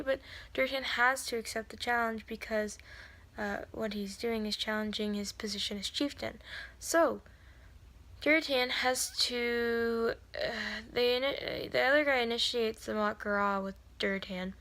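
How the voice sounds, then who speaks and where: Slightly high and a bit bright, this woman's voice stays fairly even in intonation and moves a little slowly. As a video creator, she offers a casual recap of a novel, rambling with many fillers and self-corrections, occasionally lowering to a whisper for asides.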